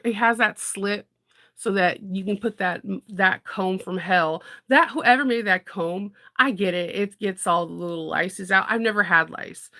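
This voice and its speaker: Bright, gravelly woman chatting casually. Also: lowish voice. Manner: rambling, frequent laughter, animated storytelling. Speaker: content creator. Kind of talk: casual chat.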